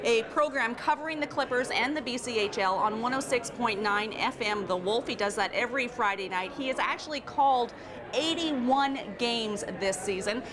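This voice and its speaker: Bubbly female community TV host, slightly high voice, outdoor festival, crowd chatter behind. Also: normal speed. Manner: bubbly, enthusiastic. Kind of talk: upbeat on-location hosting. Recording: busy crowd around her.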